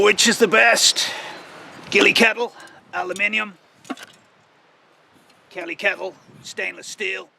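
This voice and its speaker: A folksy, gruff old wilderness wanderer, as a man puts him on shows off bushcraft gear by the fire. His voice is heavily gravelly and sits a bit high, with a sharp, bright edge. He takes his time, drawling each line slowly. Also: a little hiss or hum, exaggerated voice, rough recording. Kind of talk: folksy character presentation. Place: outdoors by a campfire.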